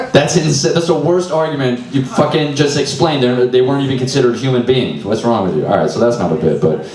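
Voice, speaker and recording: A man's voice: medium pitch, brisk, crowd noise. A young man doing loose, self-deprecating stand-up at an open mic, swearing often and sounding frazzled. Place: small comedy venue. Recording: echoey room, mic far off.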